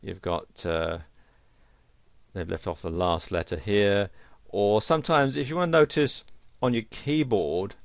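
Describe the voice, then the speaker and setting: Man, lowish gravelly voice, dry close sound, for tutorial narration. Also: a little slow, no room sound. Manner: plain explanatory delivery with fillers. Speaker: course instructor. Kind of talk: screen-recorded tutorial narration.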